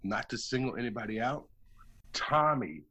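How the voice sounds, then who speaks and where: Male, husky and bright-toned, casual emphatic talker, heavy profanity. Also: mid-range voice, lively intonation, moderate pace. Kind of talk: casual chat.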